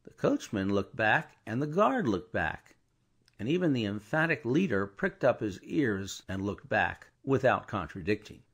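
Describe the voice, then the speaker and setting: Brief: expressive male audiobook narrator, bright tone with rough grain. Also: on the low side, measured pace. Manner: expressive storytelling. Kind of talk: scripted narration.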